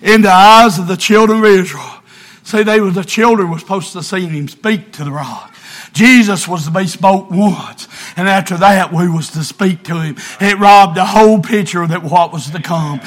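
A man's voice: sits high, normal speed, a bit bright. A man preaching an impassioned sermon and reading scripture aloud.

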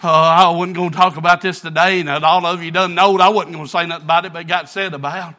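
A man, preaching a sermon, telling a folksy story that builds into shouted preaching. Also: a little high, little pitch movement, fast talker. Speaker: pastor.

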